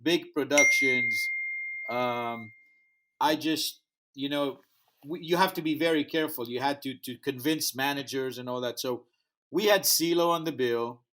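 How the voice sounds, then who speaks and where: A man's voice: mid-range voice, a little slow. A man who speaks English as a second language, telling a story in a podcast interview and acting out the voices of the people in it. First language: not English. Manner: animated storyteller acting out dialogue. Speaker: music festival founder, guest.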